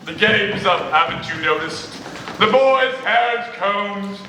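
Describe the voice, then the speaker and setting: A man's voice: high-pitched, lively intonation, takes it slowly, sharp tone, a little hiss or hum, exaggerated voice. A man playing a blustering pirate captain in a stage musical, acting and singing theatrically, heard in an echoey hall over live band music. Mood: gloomy. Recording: echoey hall recorded from the audience.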